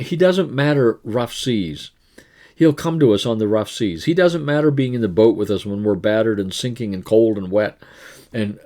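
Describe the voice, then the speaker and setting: A man with a somewhat low voice preaches a devotional message. He speaks earnestly and conversationally, asks rhetorical questions, and often restarts his sentences. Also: darkish tone. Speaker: pastor. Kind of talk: devotional sermon.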